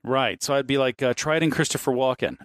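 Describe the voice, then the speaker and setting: A man's voice: mid-range voice, quick pace, clean tone, dry recording. A man co-hosting a casual chat, rambling and swearing freely, often laughing between points.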